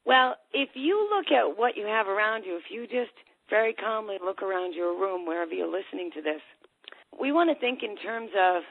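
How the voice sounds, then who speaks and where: A woman's voice: medium pitch, normal speed, vocal fry, breathy edge, no echo. A woman coaching people with ADHD on a call, telling a story and acting out the voices in it. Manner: storytelling, acts out voices in a lively way. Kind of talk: talk on a call. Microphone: phone or call line. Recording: tinny phone line.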